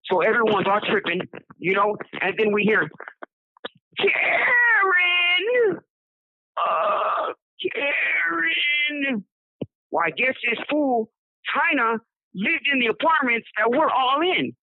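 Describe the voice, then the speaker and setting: A man's voice: high voice, moderate pace, dry recording. A man from Southern California telling his own story in a rambling, casual way, repeating words and acting out what people said. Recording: dry tinny phone line.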